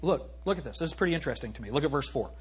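A male pastor preaching in a church sanctuary, swinging from loud calls to hushed asides. His voice is husky and sits high for a man. When he reads scripture he slows to a weighty, emphatic cadence. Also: lively intonation. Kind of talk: sermon.

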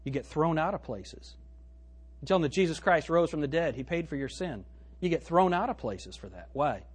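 A man preaching a sermon as pastor, reading scripture aloud and swinging between loud and hushed delivery. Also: mid-range voice, slightly rough. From United States. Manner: quotes scripture in old-fashioned wording.

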